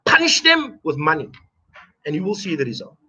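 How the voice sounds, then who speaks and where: A man's voice: a little high, huge pitch swings, fairly quick, husky. A man delivering an impassioned video message, hammering home short repeated commands and swearing freely, on a dull lo-fi recording. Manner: forceful, repetitive exhortations, swearing. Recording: dull lo-fi sound.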